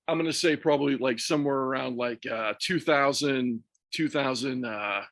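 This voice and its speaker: A man's voice: medium pitch, normal speed, no echo, clean studio sound. A man telling a rambling, profane story in casual podcast chat, laughing as he goes. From Texas. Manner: animated, profane, laughs through his own story. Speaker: podcast co-host or guest.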